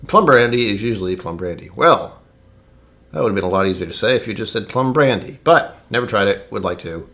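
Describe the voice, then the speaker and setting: Man in his own home stream setup, lowish voice, loose rambling chat, jokey asides. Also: expressive, a little fast, pushed and bright. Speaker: whiskey tasting streamer. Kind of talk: casual live-stream chat.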